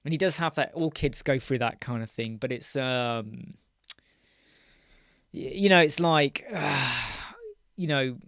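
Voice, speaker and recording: A man's voice: medium pitch, animated, takes it slowly, long pauses, fairly bright tone, no echo, clean studio sound. A man hosting a live web design Q&A, chatting casually, greeting viewers by name mid-sentence and thinking aloud while he demos on screen. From United Kingdom.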